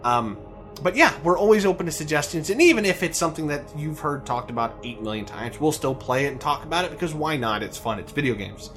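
Lively, animated podcast host man. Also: a little high, quick pace, faint music behind. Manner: animated and jokey, with fillers and laughs. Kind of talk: casual chat.

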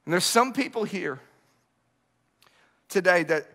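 High, bright, animated male preacher. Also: unhurried. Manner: animated storytelling, swinging from loud outbursts to hushed, low asides. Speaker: pastor. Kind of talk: sermon.

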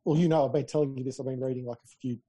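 A man's voice: medium pitch, fairly even intonation, racing, warm tone, slightly rough. A man co-hosting a podcast, chatty and easygoing, telling stories in casual conversation. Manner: chatty, laughing easily, storytelling. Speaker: podcast co-host. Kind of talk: casual tech chat.

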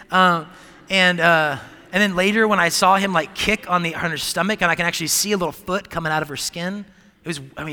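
Bright-voiced man preaching in a hall. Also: fairly high pitch. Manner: conversational, rambling with many fillers and restarts. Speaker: pastor. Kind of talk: sermon. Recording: long hall reverb.

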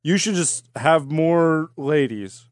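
A man's voice: on the high side, slow, no echo, clean studio sound. A man co-hosting a podcast, spinning absurd comic scenarios in crude banter. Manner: absurd storyteller, laughs through bits.

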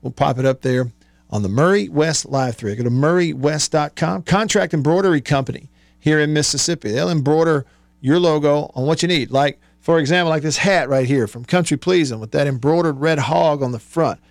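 A man's voice: on the high side, fairly quick, gravelly, no room sound. A man hosting a radio talk show, chatting loosely, laughing often and reading sponsor plugs. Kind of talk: casual sports-talk radio chat. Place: radio studio.

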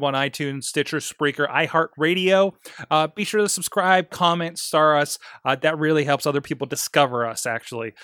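Male podcast host, fairly high voice, casual and rambling, close dry mic. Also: pushed and bright, no room sound. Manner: loose, rambling with many fillers and restarts.

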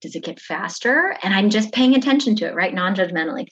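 A woman explains a coping method as a podcast guest, animated and chatty, often slipping into acted-out inner self-talk. Her voice sits at an ordinary middle pitch. The podcast sound is a little dull and muffled. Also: quick pace, husky. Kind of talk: conversational teaching.

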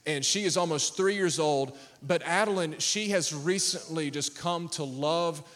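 Pastor, man, 30s, high voice, lively preaching style with humor. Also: unhurried. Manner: energetic preaching with crowd call-outs and humor. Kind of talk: sermon.

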